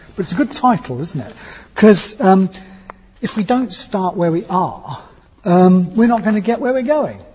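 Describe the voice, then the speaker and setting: A man's voice: sits high, darkish tone, slight background noise. A man giving a conversational Buddhist teaching talk to a group, often checking in with questions like "isn't it?". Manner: conversational, seeking agreement with tag questions. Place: meeting hall with a live audience. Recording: dull lo-fi recording in an echoey hall.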